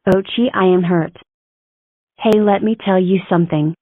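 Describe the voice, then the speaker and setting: A woman's voice: on the low side, normal speed, no echo, narrow, tinny audio. A woman voicing a vengeful, bossy girl enemy who threatens and mocks. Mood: threatening. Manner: threatening, mocking.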